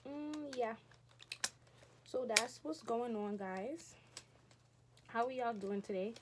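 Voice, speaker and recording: A woman's voice: a little high, takes it slowly. Chatty young woman vlogging on the go. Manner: chatty, rambling, addresses viewers as y'all. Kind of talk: casual vlog chat. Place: home, then outdoors on a rainy street. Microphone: clip-on mic and phone camera. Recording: noisy phone vlog audio.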